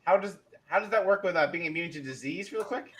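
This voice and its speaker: A man's voice: high-pitched, animated, fast talker, fairly bright tone, poor audio. A young man chatting wryly as a player in a tabletop game, poking fun at himself. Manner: wry, self-mocking. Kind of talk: casual chat in a tabletop game.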